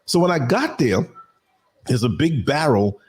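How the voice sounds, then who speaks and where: Husky, animated New York storyteller. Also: male voice, medium pitch, measured pace. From New York City. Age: older. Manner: animated storyteller, acts out voices of people in his story. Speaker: podcast host. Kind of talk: casual storytelling on a podcast.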